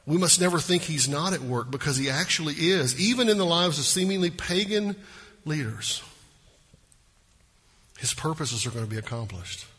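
A man's voice: a little high, expressive, moderate pace, fairly bright tone, slightly rough. A male pastor preaching a sermon with emphasis and rhetorical questions, recorded in a church sanctuary. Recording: long reverb of a large hall.

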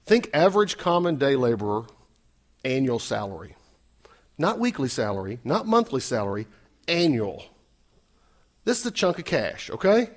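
A man preaching a sermon, animated, swinging between loud emphatic lines and soft asides, acting out quotes. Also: medium pitch, normal speed, long pauses. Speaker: pastor.

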